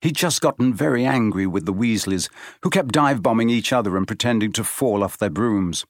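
A man narrating an audiobook in a measured, steady storytelling manner. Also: fairly low pitch, no echo, studio quality.

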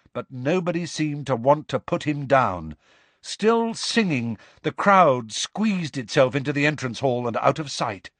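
Unhurried, expressive male audiobook narrator. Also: mid-range voice, dry recording. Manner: measured, expressive reading. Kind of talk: scripted narration.

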